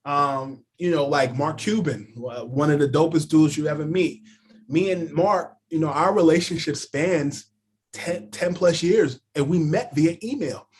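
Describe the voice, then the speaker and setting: A man telling stories as a sports journalist guest on a casual podcast, animated and full of "like" and "yo". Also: a little high, unhurried, husky.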